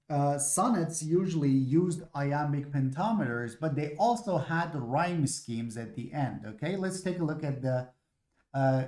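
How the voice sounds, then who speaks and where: Male lecturer, patient, step-by-step, mid-pitched voice, roomy echo. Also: dark tone. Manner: patient, explains step by step, many "uh" fillers. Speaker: literature lecturer. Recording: echoey room.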